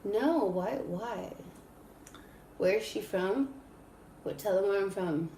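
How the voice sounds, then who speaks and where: A woman from Southern California, a podcast guest telling stories in a dramatic, animated way that sometimes trails off sleepily. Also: medium pitch, takes it slowly, distant mic, slight background noise. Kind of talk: casual storytelling chat. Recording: echoey room, away from the mic.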